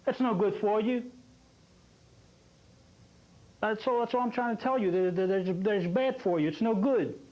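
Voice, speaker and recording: A man's voice: sits high, fairly quick, dull audio, close to an everyday voice. A man playing an angry father scolding his son, hollering, stammering and coughing between lines, from an old public access TV tape. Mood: apologetic.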